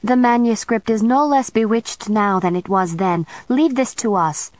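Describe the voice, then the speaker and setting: Storybook: woman reads cool scornful witch captor, smooth, matter-of-fact, dry close sound. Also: fairly high pitch, normal speed, darkish tone, dry recording, pitched above the performer's own voice, close to an everyday voice. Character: scornful, self-assured female witch captor.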